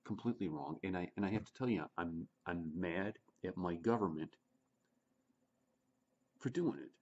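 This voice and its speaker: A middle-aged man from the United States giving a rambling, animated opinion monologue, repeating words and acting out quotes. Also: sits low, normal speed, lo-fi sound, a little hiss or hum. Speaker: vlogger.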